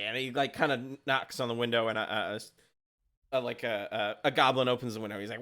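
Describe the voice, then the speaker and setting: A man's voice: medium pitch, fairly even intonation, a little fast, sharp tone. A man narrating as game master of a tabletop game, loose and giggly with lots of fillers.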